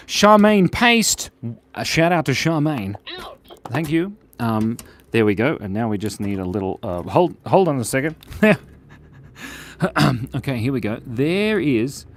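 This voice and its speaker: A man's voice: medium pitch, very animated, measured pace, a bit bright. A young man hosting a live drawing stream, chatting playfully, giggling, and reading out viewer comments. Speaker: drawing livestream host. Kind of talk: casual live drawing chat.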